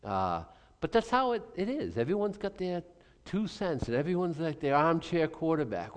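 A man's voice: a little high, wildly swooping pitch, normal speed. An older man preaching a sermon, emphatic, acting out quoted voices and restarting his sentences often. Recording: long reverb of a large hall.

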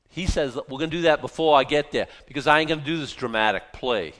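Man, pastor, conversational sermon, animated, informal, restarts and fillers. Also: on the high side, fast, hardly any pauses, long reverb tail.

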